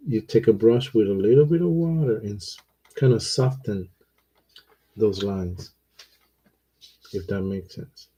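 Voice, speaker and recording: A man teaching watercolor, talking through his painting in a relaxed, unhurried way with pauses and fillers. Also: on the low side, breathy edge, rough recording. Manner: slow, thinking aloud while he paints, with pauses and fillers.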